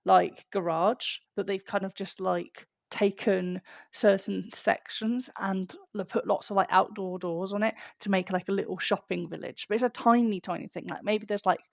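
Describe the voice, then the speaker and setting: A woman's voice: mid-range voice, fairly even intonation, normal speed, creaky, few pauses, no echo, studio quality. A woman with a London accent, co-hosting a podcast in casual chat, talking loosely with lots of filler words. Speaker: podcast co-host.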